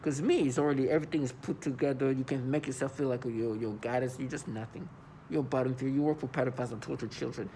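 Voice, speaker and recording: A man's voice: medium pitch, fairly even intonation, fast talker, mellow, slight background noise. A man talking to the camera in an agitated monologue, often stammering and repeating words. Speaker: vlogger.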